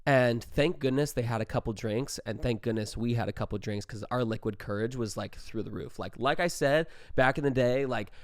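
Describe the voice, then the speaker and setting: A man's voice: mid-range voice, a little fast, few pauses, no room sound, studio quality. Rambling young man telling a story. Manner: rambling, peppered with like, swears freely. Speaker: podcast host. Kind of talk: casual storytelling.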